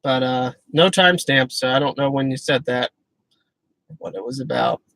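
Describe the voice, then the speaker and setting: A man's voice: mid-range voice, normal speed, vocal fry, fairly bright tone, no echo, low-quality recording. Earnest man preaching on a live stream. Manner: emphatic, earnest, self-interrupting. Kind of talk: casual preaching chat.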